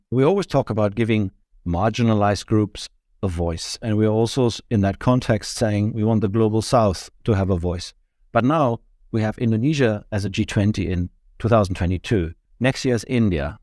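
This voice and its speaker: Guest: a low-pitched man, think tank director type, measured and explanatory, dry close sound. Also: darkish tone, dry recording. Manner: measured, explanatory, speaks in short points. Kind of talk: podcast interview answers.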